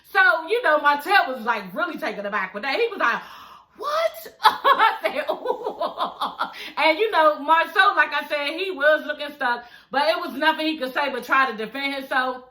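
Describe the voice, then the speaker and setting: A woman's voice: high voice, animated, moderate pace, few pauses, pushed and bright. A woman giving a blunt, sassy, profane recap of a reality show in casual commentary. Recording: echoey room.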